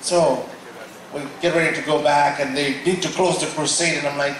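Man, preacher, animated testimony, higher voice, echoey distant hall. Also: normal speed, noisy background. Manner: animated storytelling, acting out quotes. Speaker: guest speaker. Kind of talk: sermon testimony. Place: large church auditorium.

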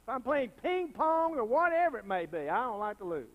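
A pastor's high voice keeps surging into loud, impassioned bursts as he preaches a fiery sermon in a church sanctuary, calling out for responses and a witness. His delivery is sing-song and a little fast. It sounds like phone-quality audio.

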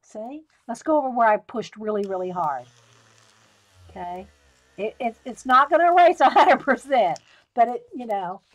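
A woman's voice: fairly high pitch, animated, normal speed. A woman hosting a live coloring tutorial, chatting casually, laughing often and answering viewers by name. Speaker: coloring tutorial livestream host.

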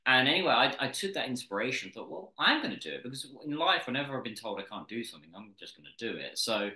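Forceful British man in a roomy room. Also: medium pitch, quick pace. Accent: standard British English. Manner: energetic storyteller with frequent restarts. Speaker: podcast guest, content creator. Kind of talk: casual interview talk. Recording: roomy echo.

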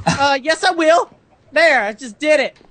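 An excitable man playing a hide-and-seek video game, giggling and yelling nervously. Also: very high-pitched, unhurried. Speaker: gamer. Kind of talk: casual gaming commentary.

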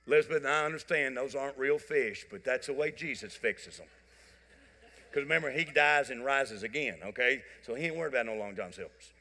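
This pastor's voice sits a little high and moves at a normal speed. Standing in the church sanctuary, he spins animated, joking, folksy tales for his congregation during the sermon, with church hall reverb around him.

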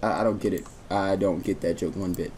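A young man hosting a casual gaming chat, excitable and teasing, breaking into high yelps over a headset mic. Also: a little fast, a little hiss or hum. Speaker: let's play host.

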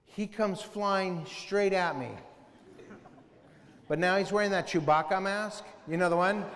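A man speaking to a school assembly, telling animated stories, acting out scenes and yelling as he mimics himself and his son. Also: sits high, a little slow, big-room sound. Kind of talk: animated motivational storytelling. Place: school auditorium.

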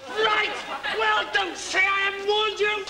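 An actor playing a manic, short-tempered middle-aged hotel owner, shouting and sarcastic, in archive sitcom audio with audience laughter. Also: male voice, very high voice, little pitch movement, a little slow, a loud crowd, heavy background noise. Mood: furious.

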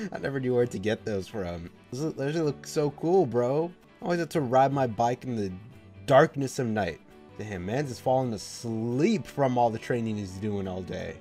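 A young man hosting an anime reaction, talking casually and excitedly to the screen, full of slang and quick laughs. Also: mid-range voice, soft background music.

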